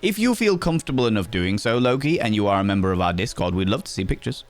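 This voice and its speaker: This livestream host is an Englishman with a Yorkshire accent whose fairly low voice moves quickly in a sing-song way. Reading out viewer messages in a relaxed chat, he teases them playfully and calls them cheeky devils.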